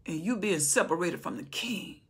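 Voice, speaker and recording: A woman's voice: on the low side, moderate pace, breathy edge. A woman teaching a Bible study sermon in a fervent, conversational preaching style, often repeating herself as she builds.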